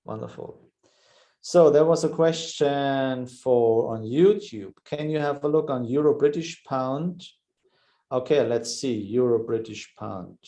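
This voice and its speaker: A man's voice: mid-range voice, slow, warm tone, poor audio. A man hosting a live trading webinar, thinking aloud over charts with frequent "yeah" fillers. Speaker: trading show host.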